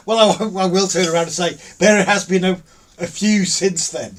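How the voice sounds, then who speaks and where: Middle-aged man, live stream host, teasing and jokey, slightly raised pitch, distant mic with faint background noise. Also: steady tone, normal speed. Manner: jokey, teasing, laughs often. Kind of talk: casual live stream chat reading comments.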